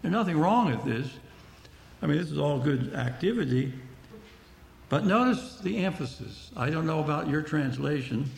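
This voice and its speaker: A man's voice: a little high, animated, moderate pace, vocal fry, reverberant. A man preaching a Bible-teaching sermon, speaking conversationally and explaining the text verse by verse to his listeners.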